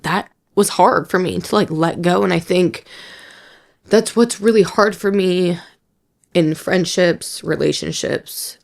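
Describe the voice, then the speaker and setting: A young woman in her twenties talking candidly with her mother, emotional and reflective, halting with many fillers and close to tears. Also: lowish voice, gravelly. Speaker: daughter, guest. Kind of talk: candid podcast conversation.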